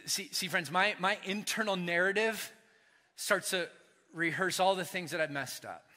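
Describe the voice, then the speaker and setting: A man preaching a sermon as pastor, earnest, swinging from emphatic lines to hushed, soft ones. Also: sits high, moderate pace. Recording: reverberant church hall.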